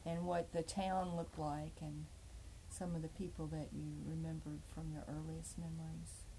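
A woman interviewing someone for an oral history, asking gentle questions to prompt memories. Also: deep voice, little pitch movement, moderate pace, slight background noise, low-quality recording.

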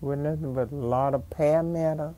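A woman's voice: low voice, fairly even intonation, normal speed, mellow. An older woman, reminiscing in an oral history interview, rambling and chuckling as she tells stories. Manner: rambling storytelling, frequent chuckles.

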